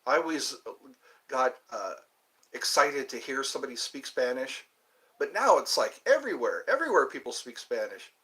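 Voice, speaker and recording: A man's voice: medium pitch, sing-song, moderate pace, pushed and bright, low-quality recording. Rambling middle-aged man on a livestream. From United States. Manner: meandering, chatty, full of asides and restarts. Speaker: livestream host. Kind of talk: rambling live-stream chat.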